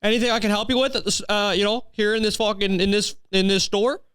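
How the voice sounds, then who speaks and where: A man's voice: high-pitched, little pitch movement, brisk, fairly bright tone, clean tone, dry recording, pitched above the performer's own voice. A man voicing an overeager, friendly male store clerk who gushes to please every customer. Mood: gushing. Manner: gushing, eager to please, upbeat.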